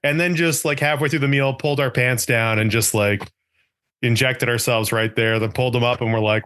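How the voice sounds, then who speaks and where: A young man co-hosting a podcast in casual chat, joking and laughing often and acting out quoted lines in a higher voice. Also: steady tone, a little fast, a bit bright, clear, resonant tone. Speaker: podcast co-host.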